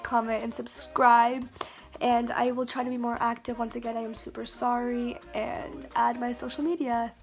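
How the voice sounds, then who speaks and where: A woman with a slightly high voice tells a casual storytime vlog straight to her camera. She rambles along, stumbling over her words and filling the gaps with "like" and "you know", while faint music plays softly behind her. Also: creaky. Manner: chatty, many fillers and restarts, stammers. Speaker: vlogger. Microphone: camera mic.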